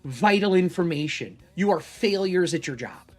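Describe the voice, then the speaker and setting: A man's voice: high voice, animated, normal speed, soft background music. A man voicing a pushy, short-tempered male cartographer adventurer who talks curtly and swears. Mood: furious. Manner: curt, profane, demanding.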